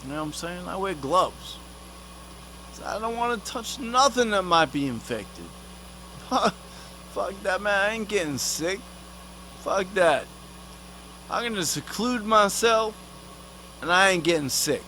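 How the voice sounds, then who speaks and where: A man with a high, bright voice delivers a rambling, swear-heavy comic rant. He talks slowly and unhurriedly, full of street slang, and now and then refers to himself in the third person. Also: lively intonation, slight background noise. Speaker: vlogger.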